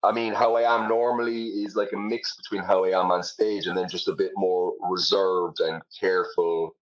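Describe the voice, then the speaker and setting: Irish guy, low voice, rambly and self-deprecating, fillers everywhere, kinda lo-fi sound. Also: level tone, normal speed. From Ireland. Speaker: comedian guest. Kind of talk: casual interview chat.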